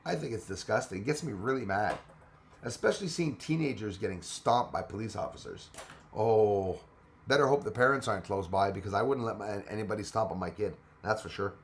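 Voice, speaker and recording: A man's voice: lowish voice, fairly quick, slight background noise. A man with a Quebec French accent hosting a casual livestream, chatting with viewers, switching between English and French and swearing freely. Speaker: space channel livestream host.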